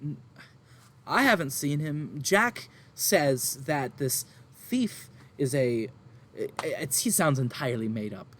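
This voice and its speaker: A man's voice: sing-song, slow, a bit bright, slight background noise. A man voicing an emotional, flustered middle-aged farm mother who rambles and stammers through her troubles. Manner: flustered, tearful rambling with high squeaky jumps. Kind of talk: tabletop role-play character voice.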